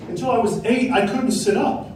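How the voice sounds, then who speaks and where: A middle-aged man performing a stand-up comedy set, telling stories with acted-out quotes and tacking on a quick "right?" after punchlines. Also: high-pitched, darkish tone, recorded from a distance, slight background noise. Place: comedy club stage. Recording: echoey club, mic from afar, faint crowd.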